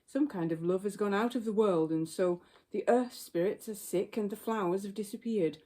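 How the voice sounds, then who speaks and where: A woman voicing a small scruffy dandelion that speaks modestly and softly in a storybook reading. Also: mid-range voice, normal speed, lightly acted. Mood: wistful. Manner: modest, soft.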